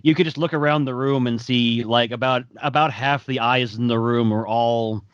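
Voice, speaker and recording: A podcast co-host speaking in a measured, thoughtful way and hedging his answers. The recording is dry and slightly dull, with a mid-range voice. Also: mid-range voice, steady tone, clean tone, no echo. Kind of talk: casual chat.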